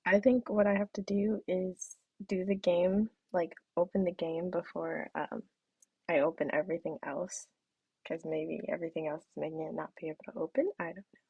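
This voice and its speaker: A woman's voice: fairly low pitch, fairly even intonation, normal speed, vocal fry, slightly rough, no room sound. A young woman chatting casually on her live stream, giggly, with a throat that feels off and the odd whispered aside. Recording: dull, muffled stream audio.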